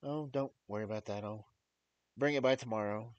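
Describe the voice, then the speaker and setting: A man's voice: mid-range voice, fairly quick, dull audio, natural voice. Man voicing a young woman babysitter. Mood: reassuring.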